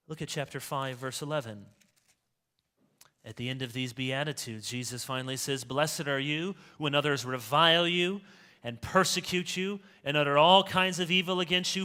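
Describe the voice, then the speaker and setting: A male pastor preaching a sermon in a church, moving from hushed rhetorical asides to loud emphatic peaks. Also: high voice.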